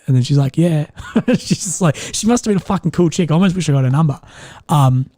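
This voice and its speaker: A young man from Australia hosts a stream, casually rambling through stories with lots of cursing and filler words. His voice is on the high side, brisk and dark in tone, with studio quality and no room sound.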